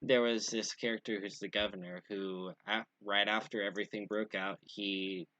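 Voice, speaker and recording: A young man chats loosely as co-host and keeps dropping in little agreements. His voice is on the low side. The recording is muffled and lo-fi, with no room sound at all. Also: flat delivery, normal speed, bright, forceful tone, no room sound. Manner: frequent backchannel, chatty. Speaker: podcast co-host. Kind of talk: casual chat. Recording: dry, dull lo-fi sound.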